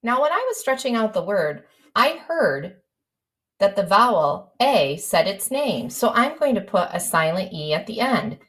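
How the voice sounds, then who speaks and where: A woman's voice: medium pitch, big pitch swings, a little slow, fairly bright tone. A woman teacher modelling how to write a story for young children, stretching words into sounds and coaxing them to spell along. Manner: sing-song, stretches out sounds and letters. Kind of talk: early-grade writing lesson.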